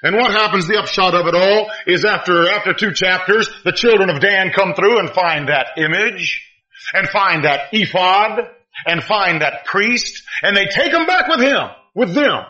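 A man preaching a sermon, telling a story with big swings between loud exclamations and quiet asides, in a dull lo-fi recording. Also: high voice, lively intonation, moderate pace.

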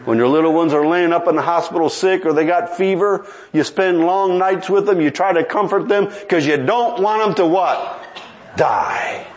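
A man's voice: sits high, normal speed, low-quality recording. A man preaching a sermon with drama, quoting old scripture and acting out the people in the story. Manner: dramatic, acts out voices, rising to near-shouts; quotes King James scripture.

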